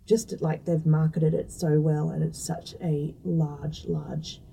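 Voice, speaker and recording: A woman's voice: low voice, flat delivery, slow pace, creaky, mellow, husky, recorded from a distance, low-quality recording. A woman, chatting casually as a guest and explaining food science with lots of fillers. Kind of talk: casual interview talk.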